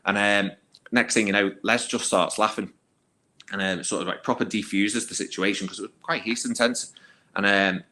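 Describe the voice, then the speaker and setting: Man, very deep voice, bright forceful tone, podcast guest, casual animated storytelling, lots of fillers. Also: normal speed. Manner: animated, acts out quoted voices, filler-heavy. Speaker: podcast guest, former youth footballer.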